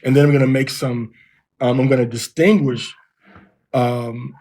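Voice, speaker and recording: A man teaches in a husky, slightly breathy voice. He walks through examples one step at a time, slowing down to sound words out. His pitch sits in the middle of the male range. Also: fairly even intonation, a little mellow. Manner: explains step by step, reads verses aloud slowly. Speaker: Hebrew teacher. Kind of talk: informal recorded lesson.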